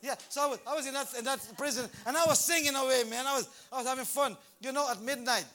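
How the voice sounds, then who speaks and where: Guy preaching in church, high bright voice, acts out the story. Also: quick pace. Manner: animated storytelling, acts out scenes. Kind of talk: sermon. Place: church service.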